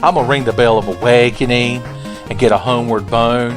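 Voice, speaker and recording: Sarcastic gamer dude cussing out enemies, mid voice, soft game music under him. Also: male voice, medium pitch, fairly even intonation, brisk. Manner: sarcastic, profane, taunts enemies. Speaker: gaming commentator. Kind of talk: let's play commentary. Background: faint game music.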